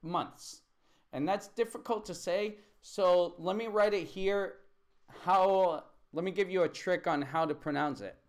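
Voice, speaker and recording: A man's voice: high-pitched, a little slow. A man teaching a live English lesson, patiently repeating words and correcting student sentences.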